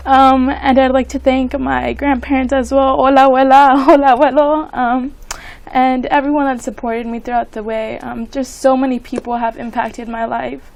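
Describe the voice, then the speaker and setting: Teen girl, high and fry-tinged, emotional and giggly. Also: flat delivery, moderate pace, few pauses, darkish tone. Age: late teens. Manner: emotional, giggly, close to tears. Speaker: graduating student. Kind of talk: interview answers.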